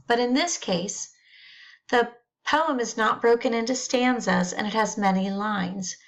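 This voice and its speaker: A woman reading poems aloud and explaining their features in slow, careful phrases with pauses. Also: on the high side, rough recording.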